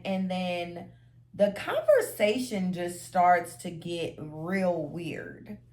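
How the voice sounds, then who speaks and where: A woman telling a personal story to camera in a casual vlog, chatty and animated, acting out what people said in slangy talk. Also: mid-range voice. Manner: animated, acts out quotes, slangy. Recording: roomy echo.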